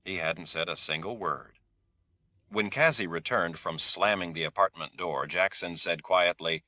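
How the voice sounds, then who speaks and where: A man narrating a novel in a measured, expressive reading style. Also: deep voice, no room sound, clean studio sound. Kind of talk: audiobook narration.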